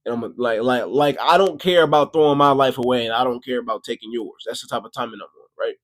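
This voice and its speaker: A man casually telling a story, profane and animated, his voice jumping high and loud when he gets excited. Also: fast talker, dry recording.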